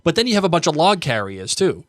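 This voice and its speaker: A man's voice: on the high side, very animated, fast, a bit bright, dry recording, studio quality. A man co-hosting a podcast, talking about a book in a wry, offhand way with many restarts. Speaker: podcast co-host. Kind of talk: casual book discussion.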